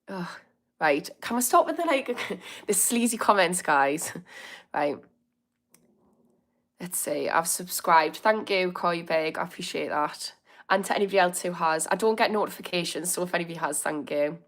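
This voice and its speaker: A woman's voice: on the low side, lively intonation, normal speed, fairly bright tone. A woman in her thirties with a Birmingham accent, chatting casually on a livestream as she reads out comments, laughing often and reacting with amused indignation. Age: 30s. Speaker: recovery coach hosting a livestream.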